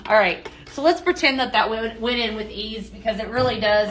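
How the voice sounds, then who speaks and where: A woman hosting a live shopping stream, chatting bubbly and warmly greeting viewers by name as she shows products. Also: a little high, normal speed, a little hiss or hum. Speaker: live sales host.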